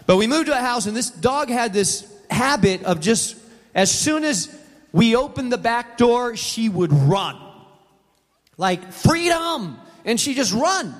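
A man's voice: very high voice, expressive, unhurried. A middle-aged man, a pastor, preaching a sermon in a church auditorium and telling personal stories in a conversational way, acting out the voices in them. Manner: conversational, acts out voices in anecdotes. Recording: reverberant hall sound.

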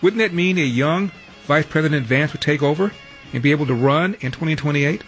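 A man's voice: fairly high pitch, a little fast, faint music behind. A man hosting a talk radio show in a studio, rattling through headlines with wry, sarcastic asides. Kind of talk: talk radio news rundown and monologue.

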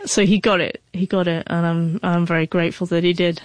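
A woman's voice: on the low side, flat delivery, fairly quick, no room sound. A woman with a stutter, a guest telling an emotional personal story in an interview, her speech broken by repeated sounds. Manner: emotional, heartfelt. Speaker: guest, author.

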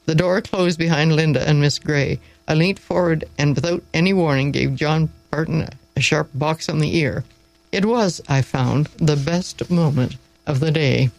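A woman reading a story aloud in a measured, wry storytelling manner. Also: deep voice, darkish tone, dry recording, soft background music, low-quality recording.

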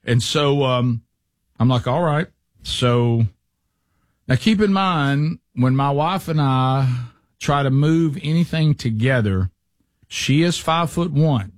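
A middle-aged man, a podcast co-host telling a rambling, animated story in casual chat. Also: medium pitch, slow, no room sound, studio quality. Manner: rambling, animated anecdotes with restarts.

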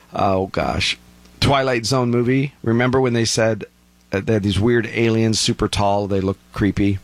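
Male, casual storyteller, animated with mimicked crowd voices, dry close sound. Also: medium pitch, no room sound. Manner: animated storytelling, laughs while telling, mimics excited crowds. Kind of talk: casual explanatory monologue.

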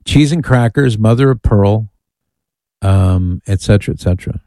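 A man's voice: fairly low pitch, moderate pace, mellow, no echo. A man hosting a call-in radio talk show, chatting casually and reading listener emails with amused asides.

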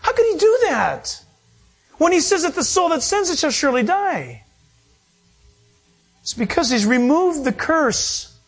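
Animated high-pitched male preacher. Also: slightly rough. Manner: animated, acts out quoted voices, emphatic preaching. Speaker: pastor. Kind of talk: sermon.

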